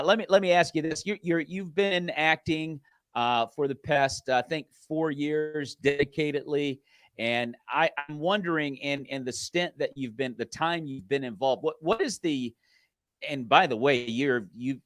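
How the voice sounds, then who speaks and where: A man's voice: medium pitch, normal speed, a bit bright, no room sound. A man hosting an interview show, asking encouraging, complimentary questions. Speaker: host. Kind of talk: casual interview chat.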